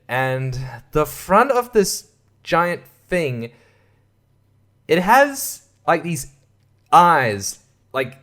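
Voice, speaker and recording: A young man hosting a solo podcast, rambling, swearing and laughing, sliding from mumbles into loud outbursts. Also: mid-range voice. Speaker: podcast host.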